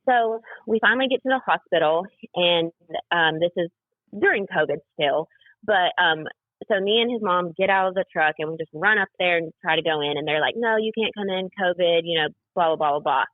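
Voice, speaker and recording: A woman's voice: on the low side, no echo. A young woman, a podcast guest, telling a personal story in a rambling way, full of fillers, acting out what others said. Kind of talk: personal story told in a casual interview. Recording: tinny phone-like dry sound.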